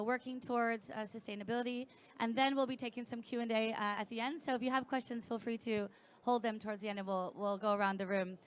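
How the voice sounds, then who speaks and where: A woman's voice: fairly high pitch, a little hiss or hum. A woman moderating an online panel, gracious and upbeat as she hands off to speakers. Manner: upbeat, gracious hand-offs.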